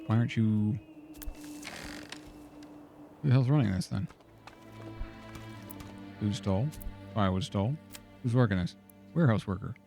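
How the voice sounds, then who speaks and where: A man's voice: on the low side, a little slow, creaky, long pauses, over music. A man streaming a game, chatting casually and muttering exasperated questions to himself as he plays. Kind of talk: casual gameplay commentary.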